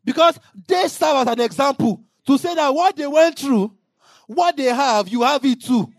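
A man preaching a sermon in an impassioned way, now and then rising into shouted emphasis. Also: extremely high pitch, expressive, normal speed, dry recording, clean studio sound.

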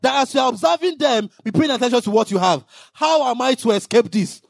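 A man preaching a sermon in an impassioned way, now and then rising into shouted emphasis. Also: extremely high pitch, expressive, brisk, creaky, no echo, clean studio sound.

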